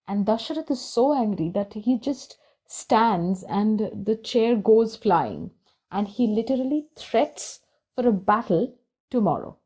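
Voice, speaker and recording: Mellow-voiced woman telling a story casually. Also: on the high side, lively intonation, a little slow. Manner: conversational, with fillers and restarts. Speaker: book channel storyteller.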